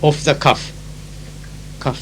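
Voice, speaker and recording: A man with a Japanese accent, who works as a conference interpreter, talks slowly in a low voice while recording a spoken diary. He chats through anecdotes full of fillers and switches into Japanese to explain phrases. The low-quality audio sounds like old tape with a faint hum.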